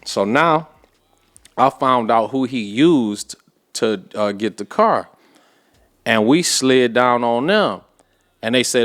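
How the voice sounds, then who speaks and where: A man's voice: medium pitch, slow, long pauses. Slangy, profane man telling stories. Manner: animated, profane street slang. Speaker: podcast guest. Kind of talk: casual storytelling.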